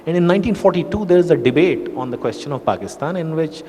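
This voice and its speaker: A man's voice: a little high, expressive, warm tone. Indian man giving an academic talk in a hall. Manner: measured, explanatory lecturing. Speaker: book author presenting at a panel. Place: large reverberant hall. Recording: reverberant hall, faint ambient noise.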